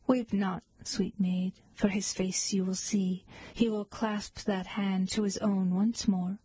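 A woman reading poems aloud in a slow, measured, lilting recitation. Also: medium pitch, little pitch movement, dark tone, breathy edge, dry recording, rough recording. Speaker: poetry reader.

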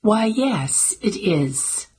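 A woman voicing a prim, formally polite female house servant with a squeaky voice in an audiobook. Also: very animated, extremely slow, a little mellow, slightly rough, exaggerated voice. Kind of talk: audiobook character voice.

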